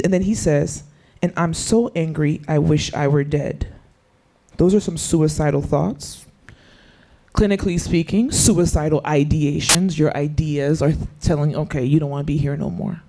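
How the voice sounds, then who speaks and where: A man's voice: a little high, warm tone. A man leading an interactive youth Bible study, asking the group questions and acting out the scripture quotes he reads.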